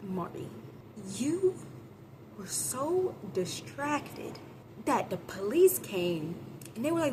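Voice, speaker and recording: Woman, casual movie reviewer, animated, chatty, mid-range pitch, noise heard behind her. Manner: animated, acts out characters' lines in quick voices; chatty, addresses viewers as y'all.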